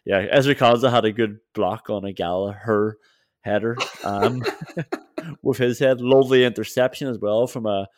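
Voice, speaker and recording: Laughing and restarting now and then, this football podcast co-host keeps things casual. His lowish, darkish voice holds a steady tone at a moderate pace, and the studio-quality recording is dry.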